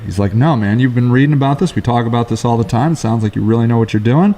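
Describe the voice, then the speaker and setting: A middle-aged man co-hosting a casual talk show, telling rambling stories in quick, lively bursts. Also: mid-range voice, a little hiss or hum. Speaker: co-host. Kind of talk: casual chat.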